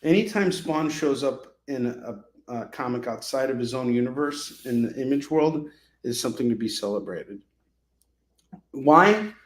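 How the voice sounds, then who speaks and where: A man with a mid-range voice and lively intonation hosts a live comic-book sale, speaking a little slowly. He chats casually with viewers, joking and sarcastic, and the room sounds echoey.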